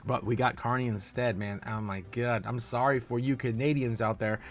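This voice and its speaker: A man in a mid-range voice hosts a loose crypto livestream, chatting straight to his viewers and reading their comments aloud. He laughs easily and swings from rambling, filler-packed asides into loud, hyped-up bursts. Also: medium pitch, normal speed, soft background music. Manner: excitable, laughs often, loud bursts of hype; frequent filler uhs and restarts. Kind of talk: casual live-stream commentary reading chat.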